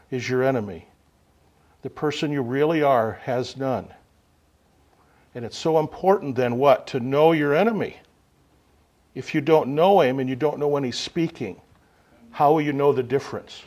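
Man preaching, loud then hushed. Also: medium pitch. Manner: unhurried, with sudden swings between loud emphasis and quiet asides. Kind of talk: sermon.

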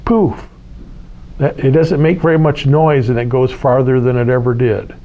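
A man's voice: medium pitch, little pitch movement, normal speed, dark tone. Man giving a casual spiritual talk. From United States. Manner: conversational, repeats key phrases, asks listeners questions. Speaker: spiritual teacher. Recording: slightly dull lo-fi recording.

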